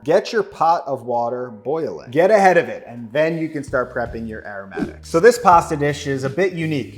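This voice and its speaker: Upbeat, jokey male cooking host, mid-range voice, faint music bed. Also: mid-range voice. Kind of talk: casual cooking demonstration. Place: kitchen.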